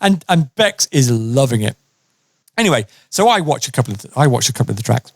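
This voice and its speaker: A man's voice: medium pitch, fast talker, creaky, dry recording, studio quality. A man casually telling a funny story on a podcast, acting out the people in it and laughing often. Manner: animated, lively, acts out quotes and laughs often.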